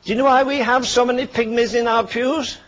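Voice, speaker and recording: A man's voice: very high-pitched, steady tone, fairly quick, muffled recording. An older man preaching a fervent sermon, firing punchy rhetorical questions and dropping dry asides between warnings.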